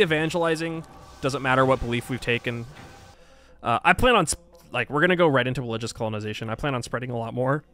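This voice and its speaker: A man's voice: medium pitch, fairly bright tone, dry recording. A man commentating his strategy game, thinking aloud and exasperated at setbacks. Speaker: gaming YouTuber. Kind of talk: let's play commentary.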